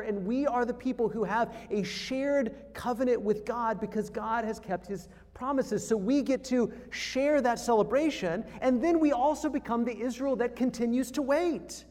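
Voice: mid-range voice, darkish tone, in a large hall. A conference speaker teaching pastors about preaching, talking emphatically and building points through repeated phrases and rhetorical questions.

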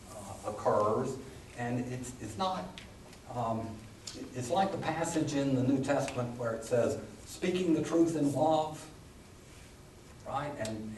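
A man's voice: medium pitch, warm tone, recorded from a distance. A man giving a Bible lecture in a conversational way, with lots of fillers, restarts and dry humorous asides. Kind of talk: classroom lecture. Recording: roomy, from the mic, faint hum.

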